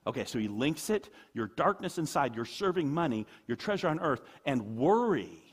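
Husky guy preaching, voice jumps all over, acts out little bits. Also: medium pitch, moderate pace. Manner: animated, laughing asides, acts out quoted voices. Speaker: pastor. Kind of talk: sermon.

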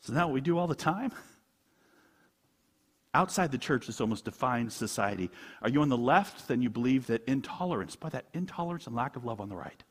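Husky-voiced pastor with a lively delivery. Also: male voice, mid-range voice, a little fast, in a large hall. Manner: conversational, with rhetorical questions and frequent chuckles. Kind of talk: sermon.

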